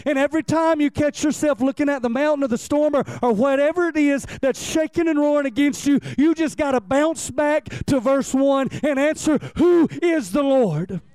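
Impassioned high-voiced preacher. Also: male voice, brisk, few pauses, a little mellow, dry recording. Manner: impassioned preaching with repetition and call-and-response. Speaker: pastor. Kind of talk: sermon.

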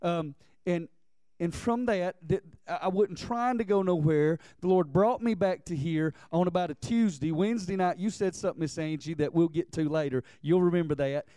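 A man of about forty preaches with heartfelt urgency, tripping over repeated words as his passion climbs. His voice sits high and rings clean and smooth. The sound is close and dry, with no room around it. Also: moderate pace, warm tone, no room sound. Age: 40s. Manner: earnest, stammering restarts, building in intensity. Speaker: pastor. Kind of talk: sermon.

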